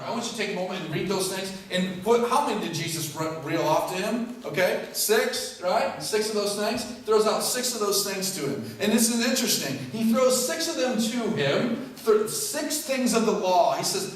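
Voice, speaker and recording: A man's voice: high-pitched, animated, normal speed, hardly any pauses, far from the mic, a little hiss or hum. A male pastor preaching a sermon in a conversational way, full of rhetorical questions. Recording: very echoey hall, heard from afar.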